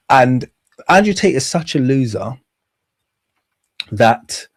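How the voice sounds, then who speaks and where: A man talks through clips in a casual, rambling way, with a sarcastic edge and frequent chuckles. His voice is mid-pitched and recorded up close with a dry sound. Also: animated, extremely slow, husky, no room sound. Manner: sarcastic, rambling, laughs at his own jokes. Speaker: commentary host.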